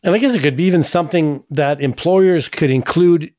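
A man's voice: a little high, a little fast, darkish tone, no room sound, clean studio sound. Chatty man hosting radio. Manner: chatty, anecdotal, frequent "you know" asides. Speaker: radio show host. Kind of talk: casual radio talk.

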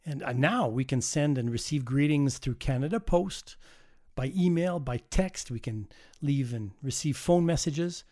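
A man's voice: medium pitch, expressive, measured pace, mellow. A man hosting a community radio holiday show, chatting in a folksy way with light jokes. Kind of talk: casual radio chat.

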